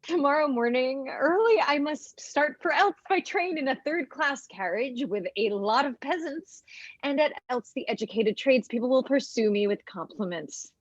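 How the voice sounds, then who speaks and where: A woman playing a fragile, yearning young actress in a live streamed stage reading, speaking in a wistful, halting way. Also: high voice, animated, no room sound. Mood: rueful. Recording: muffled dry home stream audio.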